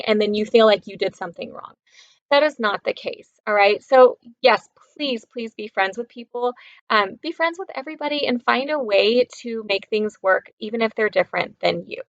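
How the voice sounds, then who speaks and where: A woman teaching children in a video lesson, gentle and patient, often checking in with them. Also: on the high side, dry recording, muffled recording. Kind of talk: talking to kids in a lesson video.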